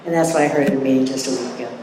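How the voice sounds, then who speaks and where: With a bass voice, fairly even intonation, and a dark tone, a middle-aged woman races through a personal recovery talk at a meeting hall. She is candid, self-mocking, and chatty, restarting often, and the echoey recording was made from a distance with a little hiss or hum.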